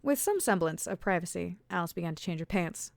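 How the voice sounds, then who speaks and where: Low, gravelly woman reading aloud. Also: expressive, fairly quick, no room sound. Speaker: author reading her own work. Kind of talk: storybook narration.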